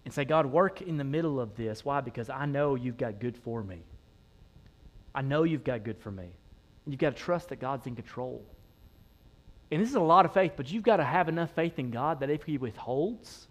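A young adult man, a pastor preaching a sermon with emphatic, repetitive lines that build to shouts. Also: mid-range voice.

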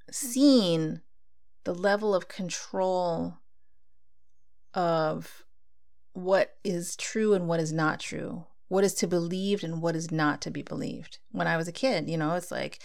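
Woman, casual spiritual talk, conversational, gravelly voice. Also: lowish voice. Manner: conversational, acts out her own inner dialogue.

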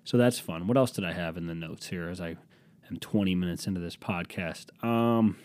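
A man's voice: deep voice, moderate pace, a little mellow. A young man hosting a solo podcast, rambling in a jokey, self-deprecating way with some swearing. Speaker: podcast host.

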